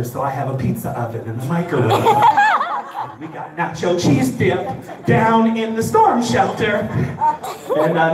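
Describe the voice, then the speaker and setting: A man from Chicago does stand-up on a live stage, his voice lively and somewhat high. His rambling delivery keeps restarting as he slips into characters. The sound is echoey and distant, with a crowd around him. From Chicago, USA. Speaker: stand-up comedian. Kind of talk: stand-up set. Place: live comedy show stage. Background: audience laughter.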